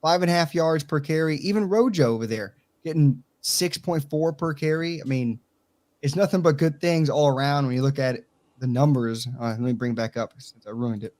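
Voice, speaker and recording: A man's voice: fairly high pitch, a little fast, darkish tone. A man with a country accent co-hosting a casual sports talk show, blunt and swearing freely as he tells stories. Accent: Southern US country. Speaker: co-host.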